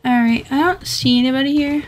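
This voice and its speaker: A woman with a slightly high voice streams a game, chatting to herself and giggling often. She rambles in a loose, casual way over a faint hiss. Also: fairly quick. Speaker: gamer streaming solo play. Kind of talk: casual gaming commentary.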